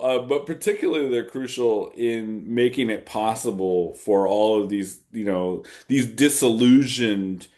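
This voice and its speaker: A man, an author, answering audience questions in a relaxed fireside-chat conversation, thinking aloud and repeating phrases for emphasis. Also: lowish voice, unhurried, few pauses.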